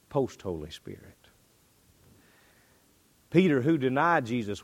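A man preaching a sermon, swinging between loud bursts and quiet drops. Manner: dynamic delivery, pitch and volume rising and dropping.

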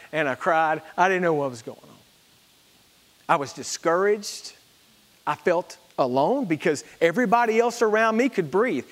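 Pastor, middle-aged man, high voice, earnest storytelling sermon delivery. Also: a bit bright, in a large hall. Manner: earnest, storytelling, with prayerful repetition.

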